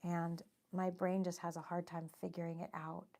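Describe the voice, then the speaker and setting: A woman chats casually through a painting livestream, talking to her viewers as she works. Her voice sits low with a gravelly edge. She is friendly and self-deprecating as she reads comments aloud. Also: flat delivery, normal speed, mellow. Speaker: livestream host and watercolor artist.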